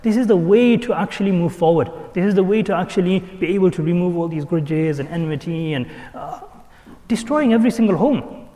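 A man's voice: high voice, expressive, brisk, warm tone. A man giving an earnest sermon, repeating his points and mixing in Arabic and Urdu terms. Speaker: Islamic preacher. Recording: long hall reverb.

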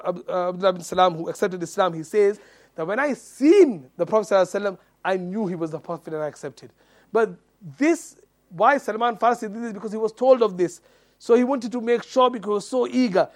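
High-voiced man telling a sermon story. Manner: animated retelling, acts out quoted dialogue, many fillers. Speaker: Islamic preacher.

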